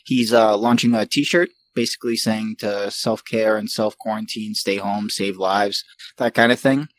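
A man hosting a casual podcast, reading news with an easygoing, hedging manner and quick laughs. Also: on the low side, steady tone, no echo, rough recording. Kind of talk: casual chat.

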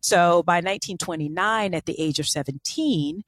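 Chatty woman with a low voice. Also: normal speed, no room sound. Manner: chatty and irreverent, apologetic about pronunciation. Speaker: podcast co-host. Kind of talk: casual storytelling chat.

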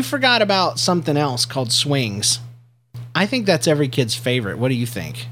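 A man's voice: a little high, very animated, fairly quick, a bit bright, a little hiss or hum. A man chatting casually with his young daughter, asking playful questions and teasing her with silly jokes. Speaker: father talking with his daughter. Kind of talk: casual chat with a child.

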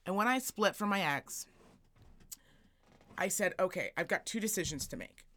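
A woman with a mid-range voice and moderate pace co-hosts a podcast, recounting a long story conversationally. She performs the characters' voices with animation.

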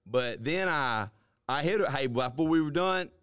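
A man's voice: on the high side, lively intonation, moderate pace, fairly bright tone, clear, resonant tone, dry recording, clean studio sound. A man in a casual chat, reacting with laughs and blunt teasing.

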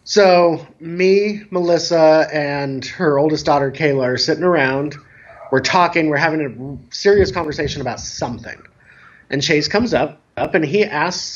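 A man's voice: a little high, normal speed, dull audio. A middle-aged man, a DJ and choreographer, telling easygoing stories in a casual chat and raising his voice for a child's lines. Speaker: guest, event DJ and choreographer. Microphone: remote call.

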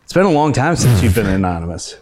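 A man's voice: lowish voice, big pitch swings, fast, darkish tone. A man in his thirties hosting a casual comedy podcast, easygoing and hesitant, with plenty of ums and uhs. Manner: easygoing, hesitant with many fillers. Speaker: podcast host.

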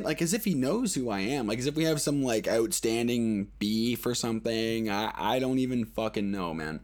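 A man's voice: mid-range voice, animated, moderate pace, few pauses, darkish tone. A man hosting a podcast, telling a rambling, profane story in a casual monologue, full of fillers and acted-out quotes. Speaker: podcast host.

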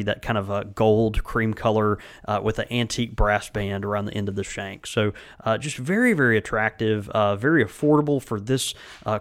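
A mid-voiced male podcast host chatting casually. His speech is halting and full of fillers and restarts, and he laughs easily while he reads a sponsor spot. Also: medium pitch.

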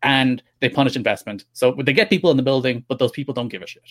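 A man co-hosting a casual wrestling podcast, talking in an animated, rambling, opinionated way. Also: mid-range voice, fast talker. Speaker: podcast co-host.

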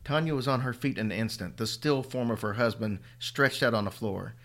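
A man reading a horror story aloud as a podcast host, with a steady, dry delivery. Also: mid-range voice, fairly quick.

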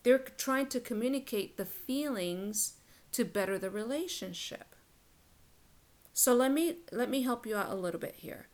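Blunt, animated woman podcaster. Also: a little high, moderate pace. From Latin American heritage. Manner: blunt, profane, lively and emphatic. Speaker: podcast host, relationship coach. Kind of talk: casual solo podcast monologue.

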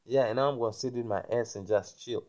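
A man rambling through a spiritual monologue, repeating himself and often checking that the listener understands, growing loud and emphatic when indignant. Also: mid-range voice, quick pace. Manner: repetitive, keeps asking "you understand me?".

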